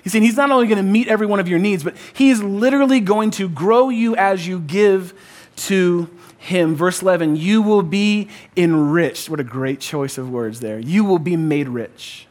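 A man's voice: high voice, moderate pace, darkish tone. A married man preaching a sermon, conversational but emphatic, repeating key phrases and calling on the congregation to answer back. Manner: conversational, uses "like" and "kinda". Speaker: pastor.

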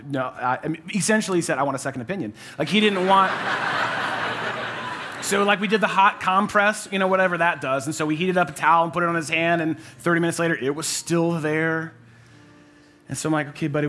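A man's voice: on the high side, a little fast, over music. A man in his thirties preaching as a pastor, telling a personal story in a conversational way and repeating phrases for emphasis. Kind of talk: sermon.

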